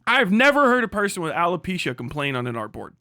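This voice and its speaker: A man with a high-pitched voice delivers a blunt, profanity-heavy livestream rant. His voice is recorded close and dry, with no room sound around it. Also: sing-song, fast talker, pushed and bright, no echo. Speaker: streamer.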